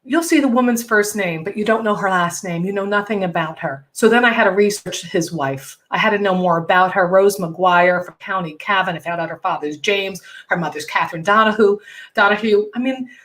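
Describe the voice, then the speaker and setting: A middle-aged woman comedian hosting a casual chat show, talking in a chatty, animated, self-mocking way. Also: medium pitch, brisk. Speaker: podcast host and comedian.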